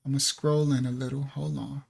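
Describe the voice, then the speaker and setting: A man's voice: medium pitch, level tone, fairly quick, vocal fry, darkish tone, breathy edge. A man hosting a livestreamed religious teaching, talking casually and emphatically to viewers at home and laughing often. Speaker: ministry teacher.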